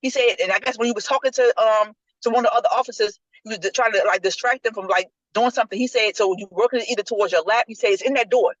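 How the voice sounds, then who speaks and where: A woman co-hosting a podcast retells a story in casual group conversation, animatedly acting out what people said. She talks fast at a fairly high pitch with few pauses, in a dull, lo-fi, dry recording without echo.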